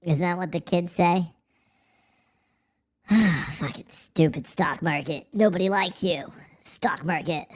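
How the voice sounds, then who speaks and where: A high-pitched man takes his time as he hosts a casual livestream chat. He's a married adult, and his voice changer carries a rambling, sarcastic, profanity-laced rant.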